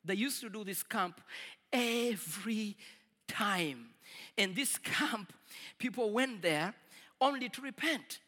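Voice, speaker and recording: A man preaching a sermon to a congregation, swinging from loud declarations to quiet asides. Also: high-pitched, animated, slow pace, in a large hall. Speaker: pastor.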